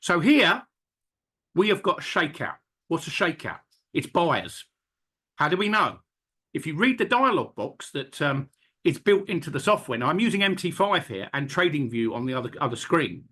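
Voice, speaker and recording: A man's voice: on the high side, normal speed, slightly rough. A middle-aged man hosting a live trading webinar, talking through charts with storytelling asides. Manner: animated, talks through charts while switching screens, with storytelling asides.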